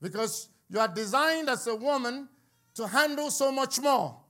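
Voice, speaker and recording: A man preaching a sermon with passion, building up to shouts and mixing in joking asides. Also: very high voice, lively intonation, normal speed.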